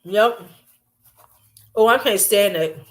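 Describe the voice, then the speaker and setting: A woman venting to her camera in a loose, late-night home chat, cracking herself up along the way. She is blunt and conversational and slips into quick impressions of the people she complains about. Her voice sits at a middle pitch and comes through a simple camera mic. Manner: chatty, blunt, laughs often, mimics coworkers. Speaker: vlogger.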